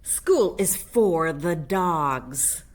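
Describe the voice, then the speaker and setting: A woman's voice: medium pitch, big pitch swings, takes it slowly, pitched above the performer's own voice. A woman voicing a fussy mother cat who makes emphatic, theatrical warnings in a storybook reading. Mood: dramatic.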